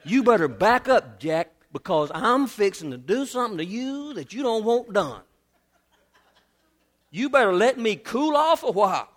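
A man's voice: high voice, big pitch swings, normal speed, a bit bright, full character voice. A man voicing an angry, stubborn wife who scolds her husband in a sassy way and warns him to back off. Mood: sassy warning.

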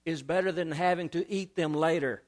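A male pastor preaching a sermon, animated and repeating phrases for emphasis. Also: on the high side, normal speed.

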